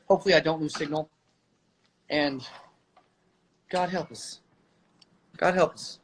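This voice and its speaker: A man hosting a casual livestream, telling lively stories while he cooks, heard over a video call. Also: high-pitched, background noise. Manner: lively, storytelling, talks while cooking. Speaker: host.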